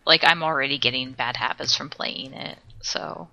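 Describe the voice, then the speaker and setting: A woman's voice: rumbling low, fairly even intonation, moderate pace, vocal fry, bright, forceful tone, highs cut off. A woman co-hosting a podcast, telling a long rambling gaming story in casual chat, laughing often and swearing as she acts out quotes. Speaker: podcast co-host.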